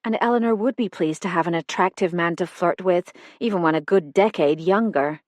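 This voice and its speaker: A woman reading a first-person mystery novel aloud in an even, measured style. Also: lowish voice, no room sound. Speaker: audiobook narrator. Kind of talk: first-person scripted narration.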